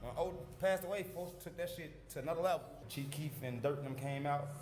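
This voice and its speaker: A man's voice: on the high side, fairly quick. Streetwise man, roomy room. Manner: animated, streetwise and profane. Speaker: interviewee. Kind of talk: candid storytelling interview. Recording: roomy documentary interview with music bed.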